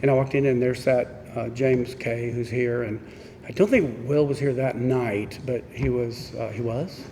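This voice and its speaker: A man's voice: medium pitch, fairly even intonation, measured pace, mellow. Man, from Missouri, candid self-mocking storyteller, mid-range voice, long hall reverb, faint background hiss. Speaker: speaker at a recovery meeting. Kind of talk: personal recovery story told to a meeting. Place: meeting room.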